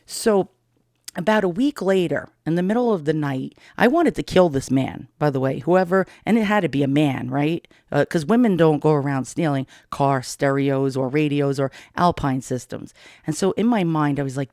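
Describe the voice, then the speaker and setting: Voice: mid-range voice, normal speed, darkish tone, dry recording, clean studio sound. A middle-aged storyteller from Queens, telling a personal story in a blunt, profane, darkly amused way. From Queens, New York.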